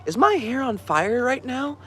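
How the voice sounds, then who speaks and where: A man's voice: very high voice, big pitch swings, a little slow, pushed and bright, voice pushed up, heavily acted. A man voicing a confused, sweet woman in her fifties or sixties who speaks in a dazed, vague murmur.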